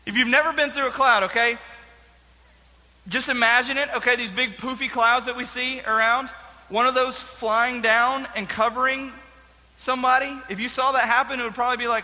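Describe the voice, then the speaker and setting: A young man leads a casual Bible lesson for a group, chatty and animated, with plenty of jokes. His voice sits high and very bright. A long hall reverb follows his words. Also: brisk. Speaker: youth pastor.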